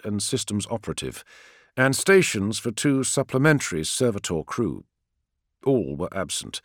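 A man reading a sci-fi novel aloud as narrator, with an expressive storytelling delivery. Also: on the low side, no room sound, clean studio sound. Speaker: audiobook narrator. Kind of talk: scripted narration.

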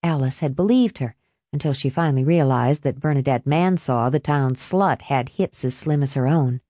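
A woman narrating a novel as an audiobook in a measured, even storytelling manner. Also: extremely low pitch, no echo, studio quality. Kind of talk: scripted narration.

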